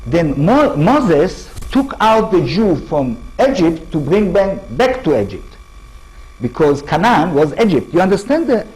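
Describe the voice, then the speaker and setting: A man with an Israeli accent giving a lecture to an audience in halting English, often restarting words and checking in with his listeners. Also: sits high, very animated, darkish tone, slightly rough, poor audio. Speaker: author giving a public talk.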